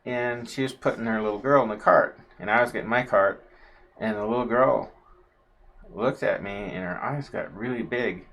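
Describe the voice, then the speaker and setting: A man's voice: fairly low pitch, normal speed, fairly bright tone, lo-fi sound. A man telling a long, casual story on a livestream, full of fillers and asides. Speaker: co-host, husband of the host.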